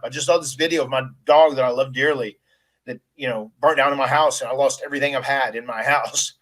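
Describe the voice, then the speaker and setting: A man's voice: mid-range voice, fairly even intonation, quick pace, fairly bright tone, low-quality recording. A man answering interview questions, telling a personal story earnestly, with frequent restarts and quoted dialogue. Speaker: wrestler telling his story.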